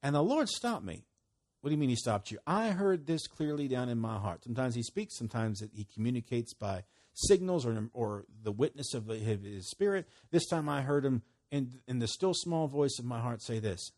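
A man delivering a sermon with a folksy, conversational warmth of phrasing. His voice sits at an ordinary middle pitch. He quotes scripture slowly, then jumps up in sudden emphatic exhortations. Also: expressive. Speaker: preacher.

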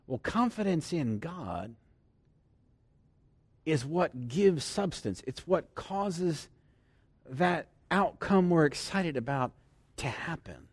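A man preaching a sermon, his pitch leaping up and down in lively swings. He moves from loud emphasis to hushed near-whispers and laughs often between points. The sound is dry and close. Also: slow, long pauses, husky, no echo.

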